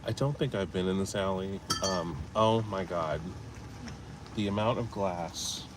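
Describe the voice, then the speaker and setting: A man's voice: deep voice, unhurried, background noise. Rambling man vlogging outdoors. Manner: rambling, storytelling, swears casually. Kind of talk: casual walking vlog with live chat. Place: outdoors in city streets and alleys.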